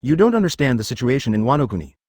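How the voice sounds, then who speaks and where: A man's voice: medium pitch, very animated, rapid-fire, darkish tone, husky, dry recording, clean studio sound. A man voicing a weary, stubborn samurai lord. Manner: tired and stubborn.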